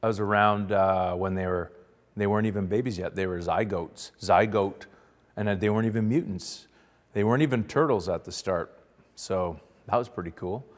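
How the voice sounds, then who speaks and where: A man telling a rambling, boastful comic anecdote in a deadpan mock-documentary style, now and then bursting into loud quoted shouts. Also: fairly low pitch, moderate pace, long reverb tail. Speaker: comic storyteller.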